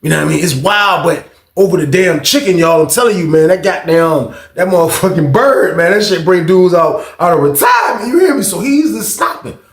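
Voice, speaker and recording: A man telling a story casually to his viewers, animated and profane, repeating phrases for emphasis. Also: high voice, brisk, reverberant.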